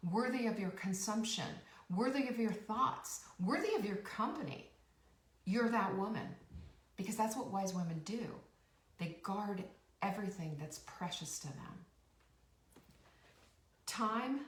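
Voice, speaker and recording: A woman's voice: medium pitch, reverberant, far from the mic. A woman host giving a rousing motivational talk, emphatic and repeating her key phrases. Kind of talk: motivational live-stream talk.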